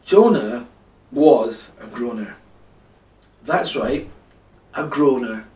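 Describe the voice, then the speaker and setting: Brief: man, slow and playful bedtime storyteller, roomy sound from off mic. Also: mid-range voice, lively intonation, warm tone, far from the mic. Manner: chatty, playful, talks to listener.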